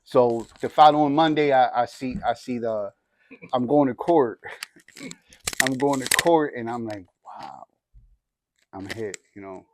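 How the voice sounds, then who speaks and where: A man's voice: medium pitch, unhurried, a little hiss or hum. A young man telling his life story in a casual, slangy, rambling way, sharing a testimony. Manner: informal, slangy, rambling with restarts. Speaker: church group member sharing testimony.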